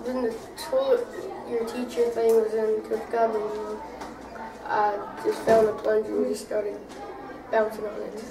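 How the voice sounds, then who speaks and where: A young woman giving flat, mumbled answers in a mock interview skit. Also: a little high, measured pace. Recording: noisy, echoey, from far off.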